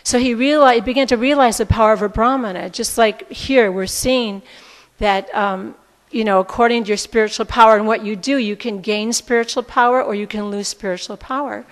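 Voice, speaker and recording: A woman's voice: on the high side, a little fast. A woman teaching a scripture class, retelling the story in a chatty, casual way. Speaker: spiritual teacher. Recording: reverberant hall.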